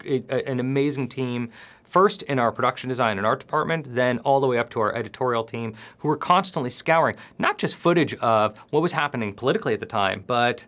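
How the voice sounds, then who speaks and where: A male film director answering interview questions in a thoughtful, measured way. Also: medium pitch, fairly bright tone. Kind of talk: press interview.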